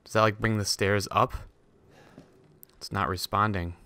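A man's voice: on the low side, steady tone, unhurried, pushed and bright. A man giving jittery, swearing commentary to himself as he plays a horror game. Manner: jittery, swearing, talks to himself while playing. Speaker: let's play gamer.

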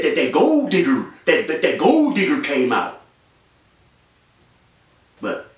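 Brief: fired-up male vlogger, AAVE, lively pitch swings, mic at a distance in a very echoey room. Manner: animated, repetitive, mocking. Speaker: YouTube commentator. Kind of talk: ranting commentary.

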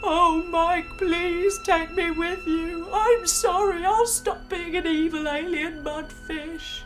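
A woman voicing a sneering male alien mudfish villain in a kids' yoga story, talking slowly and gloating. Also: on the high side, music in the background. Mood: pleading.

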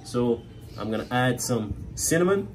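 A man with a Guyanese accent walks viewers through a cooking demonstration in a relaxed, chatty way, often checking in with "right?". His voice sits at an ordinary middle pitch, with a faint hum of noise behind him. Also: normal speed. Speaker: cook and cafe owner.

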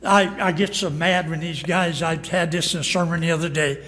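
A man's voice: fairly high pitch, fairly even intonation, moderate pace, hardly any pauses, fairly bright tone, long reverb tail. A man preaching a sermon as pastor, emphatic and acting out quoted lines. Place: church sanctuary.

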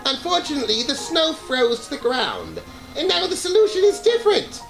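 A man's voice: very high voice, huge pitch swings, normal speed, gravelly, over music, pitched above the performer's own voice, full character voice, poor audio. A man reading game dialogue aloud, voicing a boastful male skeleton in a grandiose, theatrical way. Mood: pompous.

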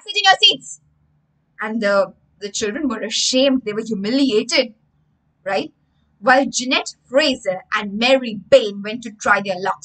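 Bright-voiced storyteller woman. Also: fairly high pitch, rough recording. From India. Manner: explains and rephrases each story line with simpler words. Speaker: storyteller and English teacher. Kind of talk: livestream storytelling for children.

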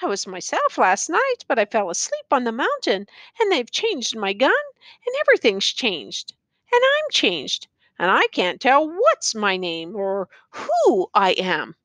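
A woman's voice: a little high, big pitch swings, slow pace, fairly bright tone, no echo, exaggerated voice. A woman voicing a ragged, gray-bearded old man who pleads in confusion. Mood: bewildered.

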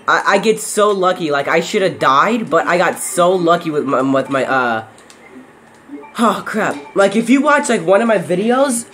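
A man's voice: high voice, a bit bright, a little hiss or hum. A young man casually commenting on his own horror game playthrough, jumpy and yelping when startled. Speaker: gameplay commentator. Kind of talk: casual let's-play commentary.

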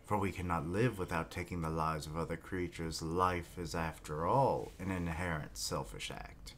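A man voicing a pious male dragon summoner who prays over his sins in a solemn, low reading. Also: fairly even intonation, normal speed, a bit bright, slight background noise. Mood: solemn prayer.

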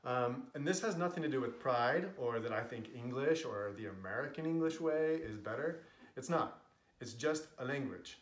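A man's voice: medium pitch, lively intonation, moderate pace, reverberant. A man teaching pronunciation in a casual explainer video, opinionated and stressing his example words.

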